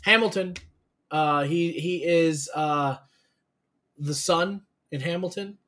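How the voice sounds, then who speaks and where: A man co-hosting a podcast, chatting excitably and rambling, swearing freely as he tells stories. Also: a little high, slow pace. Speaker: podcast co-host. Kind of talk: casual chat.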